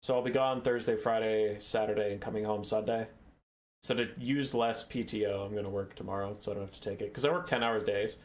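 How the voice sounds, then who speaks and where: A man's voice: lowish voice, fairly even intonation, brisk, slight background noise. A young man hosting a game tournament stream, chatting casually in a rambling, self-deprecating way. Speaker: tournament host and caster. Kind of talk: casual live-stream chat.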